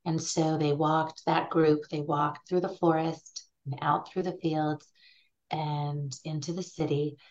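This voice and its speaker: A woman's voice: deep voice, little pitch movement, unhurried, darkish tone. A woman guest in a podcast interview who tells anecdotes animatedly and acts out the voices in them. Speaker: guest ethnobotanist. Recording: dull lo-fi sound.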